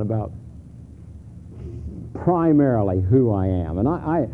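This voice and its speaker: A middle-aged man preaching to his congregation in a church sanctuary, candid and conversational, with frequent restarts and sudden emphatic climbs. His voice has a gravelly edge. The recording is thin and phone-like, with a faint hiss underneath. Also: mid-range voice, expressive, moderate pace. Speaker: pastor. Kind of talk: sermon.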